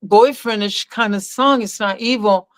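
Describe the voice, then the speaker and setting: An older woman, guest and mother of the host, chats casually with her son and recounts a family story, voicing the people she quotes with animation. Her pitch is medium, her speed normal, and there's no room sound.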